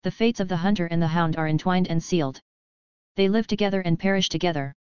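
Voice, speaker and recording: A woman's voice: on the low side, fast, darkish tone, smooth, dry recording, natural voice. Ghostly wolf hunt god, grand formal speech, read by a woman, dry and dull-sounding. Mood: solemn. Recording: dull lo-fi audio.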